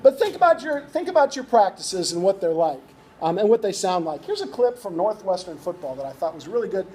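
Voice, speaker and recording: High-voiced man running a coaching workshop. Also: very animated, brisk, darkish tone. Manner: conversational, keeps asking "right?". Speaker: youth baseball coaching instructor.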